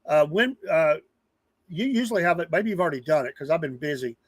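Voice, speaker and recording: A man's voice: a little high, animated, brisk, no echo. A man, hosting a casual live stream, rambling earnestly and greeting viewers from the chat by name. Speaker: livestream news show host.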